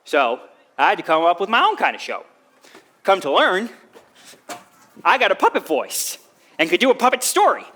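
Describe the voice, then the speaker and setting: An actor on a theatre stage telling a long story as a poor drifter, in folksy, rustic speech. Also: male voice, high-pitched, big pitch swings, normal speed, pauses often, pushed and bright, slight background noise, exaggerated voice. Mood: earnest.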